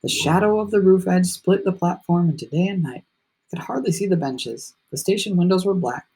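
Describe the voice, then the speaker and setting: A man narrating a children's novel aloud in the first person with a steady, reflective delivery. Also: sits high, normal speed, husky. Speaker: audiobook reader.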